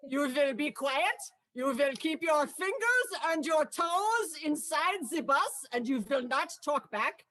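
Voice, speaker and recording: A woman's voice: high voice, very animated, measured pace, hardly any pauses, fairly bright tone, full character voice. A woman playing a bossy tour guide with a put-on German accent, barking curt orders. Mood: commanding. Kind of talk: improv comedy.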